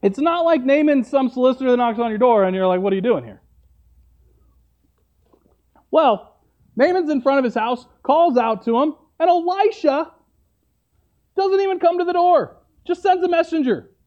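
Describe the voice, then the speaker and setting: Lively, mellow-voiced male preacher retelling a story. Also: very high-pitched, moderate pace, lo-fi sound. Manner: conversational, paraphrasing, asks "right?" often. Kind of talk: sermon storytelling.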